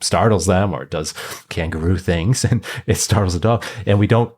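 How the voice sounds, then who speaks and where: A man's voice: deep voice, normal speed, darkish tone. A man hosting a casual podcast, affirming his guests and adding playful, jokey asides. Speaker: podcast host.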